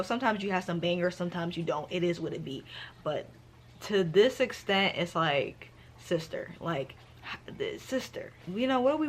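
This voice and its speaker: A woman vlogging about her reading, talking in an animated, sassy, slang-filled way as she reviews a book. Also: on the low side, slight background noise. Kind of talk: casual book review chat.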